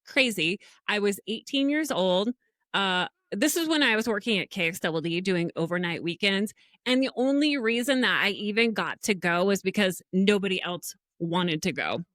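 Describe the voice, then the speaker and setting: A middle-aged woman co-hosting a podcast speaks at medium pitch and a moderate pace, in clean studio sound with no echo. She recounts stories animatedly during the casual chat, often breaking into laughter.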